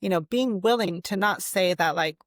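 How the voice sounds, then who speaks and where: A woman's voice: lowish voice, moderate pace, no echo, studio quality. A woman as a therapist guest on a podcast, explaining with fillers and rhetorical questions. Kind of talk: conversational explaining.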